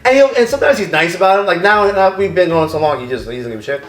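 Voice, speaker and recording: Fast, animated New man telling stories. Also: high-pitched, roomy sound. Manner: animated, acts out dialogue, swears casually. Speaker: record shop co-owner, guest. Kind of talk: casual storytelling chat.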